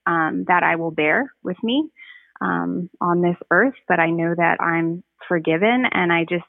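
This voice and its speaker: A woman giving a personal testimony as a podcast guest, speaking earnestly and reflectively, with frequent pauses and restarts. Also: fairly low pitch, gravelly, dry recording. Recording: tinny phone line, dry.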